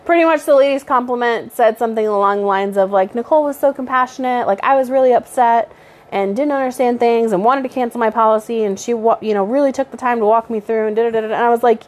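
A young woman chatting casually as co-host of a podcast. She tells stories with lots of laughter, in a fairly high voice. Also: quick pace. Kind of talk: casual chat.

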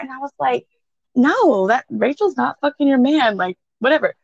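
A woman's voice: on the high side, moderate pace, vocal fry, dry recording. A woman in her thirties, a podcast co-host, telling a story in casual chat, full of swearing and laughter. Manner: profane, laughing, animated storyteller. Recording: dull, dry lo-fi sound.

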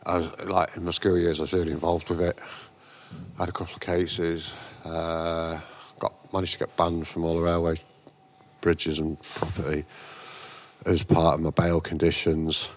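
A man's voice: deep voice, monotone, moderate pace, slight background noise. A man in a casual interview, telling rambling anecdotes full of slang and restarts. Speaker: guest, graffiti artist and painter.

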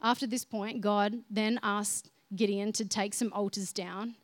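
A woman's voice: mid-range voice, fairly even intonation, measured pace, no room sound. A woman preaching a conversational sermon, chatty and informal, speaking directly to her listeners.

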